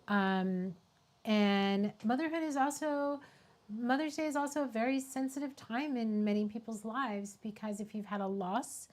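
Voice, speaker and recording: A middle-aged woman photographer talks into a live stream in a voice of ordinary pitch. She is heartfelt and tearful, pausing and catching herself as she fights back emotion. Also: darkish tone. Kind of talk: casual live-stream talk.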